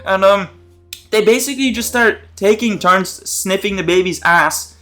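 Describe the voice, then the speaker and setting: A man with a notably high voice talking through a TV episode, loose and unscripted. He rambles and jokes as he goes, swears freely, and stops and restarts often. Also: moderate pace, bright, forceful tone, soft background music. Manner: rambling, profane and jokey. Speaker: YouTube commentator. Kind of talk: casual TV episode commentary.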